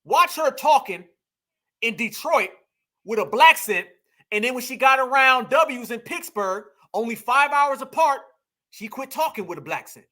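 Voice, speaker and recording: A man's voice: very high-pitched, expressive, a little slow, pushed and bright. A man giving emphatic casual commentary, asking rhetorical questions and talking straight to his viewers. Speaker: online commentator.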